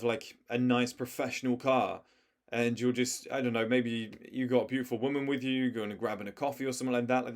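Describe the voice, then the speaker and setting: A young man giving blunt, emphatic life advice in a casual monologue, with slang and swearing mixed in. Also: medium pitch. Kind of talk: casual direct-to-camera advice talk.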